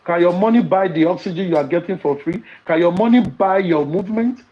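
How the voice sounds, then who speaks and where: A man's voice: high-pitched, a little fast, dull audio. A man with a Nigerian accent in casual podcast talk, preaching and telling stories with rhetorical questions.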